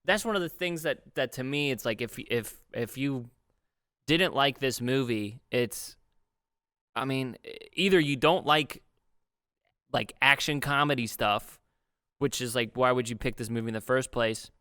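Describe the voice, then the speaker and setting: Man, podcast co-host, casual film chat, rambling, smooth voice, dry close sound. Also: medium pitch, unhurried, fairly bright tone, no echo. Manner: rambling, lots of fillers.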